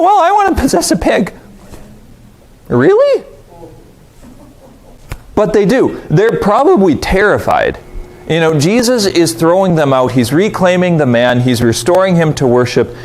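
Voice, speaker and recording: A man teaching a Bible study in a relaxed, conversational way. His voice sits a little high and swings widely in pitch, jumping up when he acts out a reaction. He keeps asking his listeners questions. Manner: asks the audience rhetorical questions.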